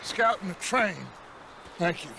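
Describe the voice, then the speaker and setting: A commanding older outlaw boss, calm and measured, his voice sitting fairly high. Game ambience hisses clearly behind him. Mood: steady. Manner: calm, measured, reassuring authority. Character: commanding older male outlaw gang leader.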